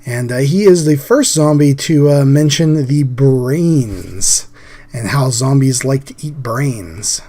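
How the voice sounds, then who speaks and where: A man hosting a casual drawing chat, his voice scratchy and hoarse from a recent illness, talking in an easygoing, chatty way. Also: mid-range voice, slow pace, warm tone. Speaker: host.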